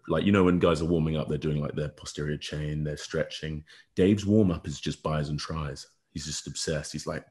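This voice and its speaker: Young rugby guy on a podcast, super low voice, rambles with lots of sort-of's. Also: steady tone, moderate pace, darkish tone. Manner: rambling, full of fillers like "sort of". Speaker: podcast guest, rugby player. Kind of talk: casual podcast chat.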